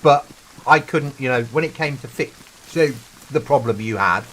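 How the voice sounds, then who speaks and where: A man's voice: mid-range voice, moderate pace, a bit bright, a little hiss or hum, rough recording. A middle-aged British man streaming a game, chatting earnestly and telling stories to a friend. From Britain. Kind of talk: casual chat while gaming.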